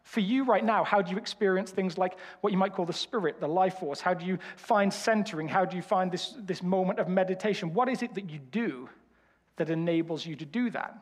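His voice sits high and moves a little fast as this Birmingham man, speaking with the local accent, delivers a sermon. Humorous, self-deprecating storytelling fills it, recorded in a reverberant hall.

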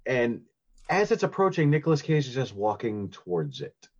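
Rambling husky-voiced man on a lo-fi podcast. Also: medium pitch, very animated, moderate pace, a little mellow. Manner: rambling, giggly, many fillers and restarts. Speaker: podcast co-host recapping a film. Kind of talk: casual movie recap chat.

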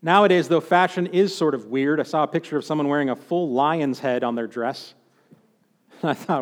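A male pastor delivers a sermon in a relaxed, conversational way, slipping in jokes and acting out quoted lines. His voice sits fairly high for a man. The sound carries the long reverb of a large hall. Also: normal speed. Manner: conversational preaching with humor and acted-out quotes.

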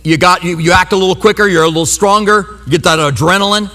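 A male pastor gives a sermon in a loose, conversational way. He acts out his reactions with humor as he tells stories. His voice sits high and bright, and it rings with the long reverb of a big church hall. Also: fast, faint music behind. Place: church sanctuary.

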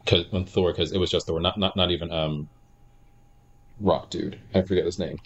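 A man co-hosting a casual film review chat, halting and searching for words. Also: sits low, steady tone, dull audio. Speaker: podcast co-host.

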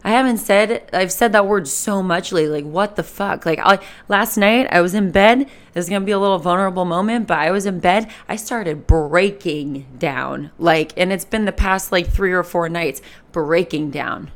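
A woman's voice: on the low side, moderate pace, hardly any pauses. A young woman in her twenties talking candidly in a personal vlog, rambling and emotional, swearing freely. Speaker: vlogger. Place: Fort Lauderdale, Florida. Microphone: camera mic.

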